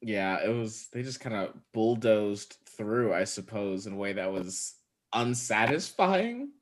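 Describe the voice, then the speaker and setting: A man's voice: fairly low pitch, expressive, measured pace. A man hosting a casual podcast chat, laid-back and wry, steering the talk. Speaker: podcast host.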